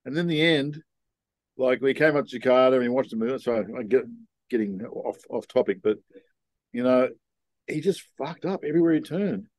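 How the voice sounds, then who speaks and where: A man's voice: mid-range voice, a little fast, darkish tone, no room sound. An older man, a podcast guest telling stories in a frank, rambling way with many ums and restarts. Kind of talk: casual storytelling conversation.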